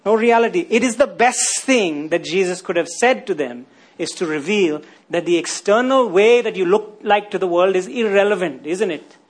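A man's voice: high-pitched, expressive, normal speed. A man preaching a sermon, often asking his listeners rhetorical questions and tagging lines with "isn't it?".

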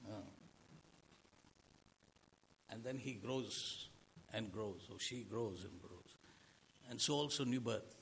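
A man's voice: lowish voice, unhurried, vocal fry, pauses often, sharp tone, husky. A man preaching a sermon to a congregation, asking them rhetorical questions. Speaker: pastor.

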